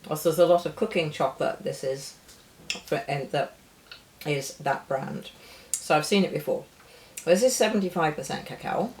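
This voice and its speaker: Brief: low-pitched woman, casual co-host, rambling and chatty. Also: normal speed, darkish tone, slight background noise. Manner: chatty, rambling, stumbles reading French aloud. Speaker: perfumer and co-host. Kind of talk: casual tasting chat.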